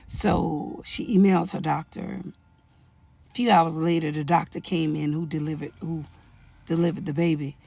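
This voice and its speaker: A woman's voice: low-pitched, fairly even intonation, normal speed, vocal fry, darkish tone. An older woman telling a family story as personal testimony, earnest and pleading as she warns other women. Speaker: storyteller sharing a family account.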